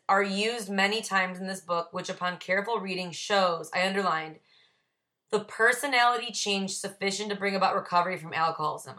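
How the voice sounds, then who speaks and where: Reading from the AA Big Book, this Ohio woman pauses after each passage to walk through her own margin notes as she leads the study. She speaks with a low-leaning voice that sounds pushed and bright.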